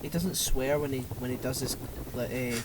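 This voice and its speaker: A man's voice: medium pitch, moderate pace, background noise. A man co-hosting a podcast from home, chatting casually in a rambling, sweary way that often breaks off mid-sentence. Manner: rambling, sweary, self-interrupting. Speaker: podcast co-host. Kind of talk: casual chat.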